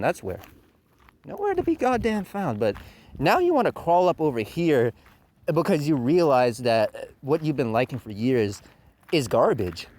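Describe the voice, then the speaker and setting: A man's voice: medium pitch, darkish tone. A man hosting a commentary channel, delivering a heated, profane rant and mocking his critics in put-on voices. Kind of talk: ranting commentary monologue.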